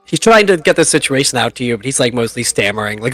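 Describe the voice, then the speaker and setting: A man's voice: mid-range voice, big pitch swings, quick pace, sharp tone, no echo. A man in a mid-range voice runs a tabletop game in a loose, chatty way and laughs often at his own jokes. His voice is close and dry on the mic, with faint music underneath. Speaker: game master.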